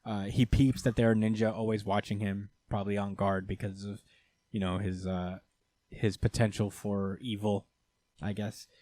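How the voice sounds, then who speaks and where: A man's voice: on the low side, level tone, normal speed, dark tone, dry recording. Man casually recapping an anime episode. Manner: rambling, filler-heavy retelling. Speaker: podcast co-host.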